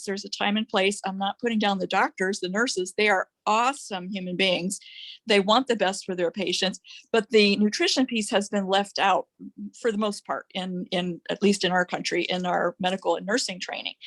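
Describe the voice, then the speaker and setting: A woman's voice: mid-range voice, fairly bright tone, no echo. A middle-aged woman, a physician, earnestly telling a story and quoting the people in it. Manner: earnest storytelling, quotes others in dialogue. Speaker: physician turned business leader. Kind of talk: recorded conversation in a training call.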